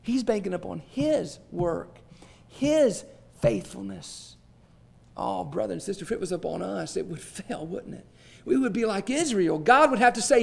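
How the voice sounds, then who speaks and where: A man preaching a sermon, swelling to emphatic peaks and dropping to hushed, drawn-out phrases. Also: sits high, expressive, gravelly, breathy edge. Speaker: pastor.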